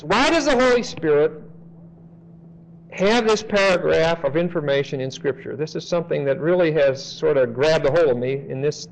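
Male preacher in a somewhat high register, teaching casually, with a faint hum behind him. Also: low-quality recording. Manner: conversational, checks in with "okay?", slows to stress key phrases. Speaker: Bible teacher. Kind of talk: expository sermon.

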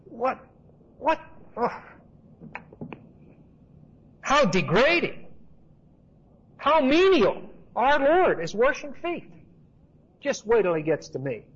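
Indignant male apostle, high and breathy, exasperated disbelief, put on by a male teacher; lo-fi tape. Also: very animated, slow pace, pauses often, exaggerated voice. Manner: exasperated, incredulous questioning. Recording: dull lo-fi recording.

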